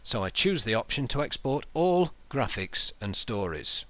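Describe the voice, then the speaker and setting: A man narrating a software tutorial in a measured, explanatory way, talking through each menu step aloud. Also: mid-range voice, big pitch swings, dry recording. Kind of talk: screen-recorded software tutorial.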